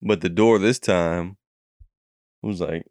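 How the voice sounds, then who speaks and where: Young man telling a profane, animated story. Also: low voice, slow, no echo, clean studio sound. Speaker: storyteller recounting a dream. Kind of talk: casual chat.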